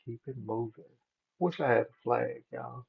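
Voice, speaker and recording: A man's voice: mid-range voice, normal speed, vocal fry, slightly rough. A man hosting the show who breaks into the story to give laid-back advice. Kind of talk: casual commentary. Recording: tinny phone-like sound.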